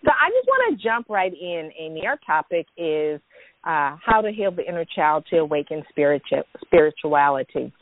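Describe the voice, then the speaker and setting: Low-voiced woman hosting on a tinny line. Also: very animated, normal speed, no room sound. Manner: enthusiastic, reads sponsor messages with fillers. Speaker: host. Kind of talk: casual podcast talk. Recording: tinny phone-like sound.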